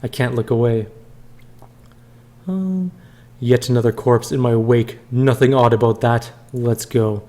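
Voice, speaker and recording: A man's voice: mid-range voice, a little slow, pauses often, warm tone. A man hosting a let's play, giving casual game commentary with wry asides and reading the dialogue aloud.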